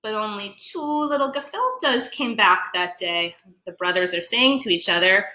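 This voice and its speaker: A woman educator reads a picture book to children in a slow, unhurried way, her bright, high voice swooping with lively expression. She stops often to explain words playfully, and the sound rings in an echoey room. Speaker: museum educator. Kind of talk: children's story reading.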